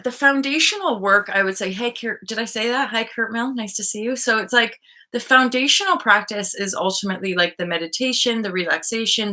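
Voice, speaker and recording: A woman's voice: mid-range voice, sharp tone. A woman hosting a live online show, talking frankly and casually, thinking aloud with many fillers and the odd swear word. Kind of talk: casual live-stream talk on spiritual healing.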